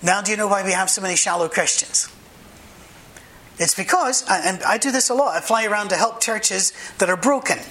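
A man's voice: high-pitched, a little fast, bright, forceful tone, poor audio. A man pastor delivering a sermon, mixing humorous anecdotes and asides with short, emphatic commands.

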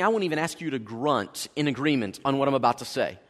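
Animated pastor preaching in a reverberant hall. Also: male voice, mid-range voice, quick pace. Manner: animated preaching, acts out quoted voices. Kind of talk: sermon. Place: church sanctuary.

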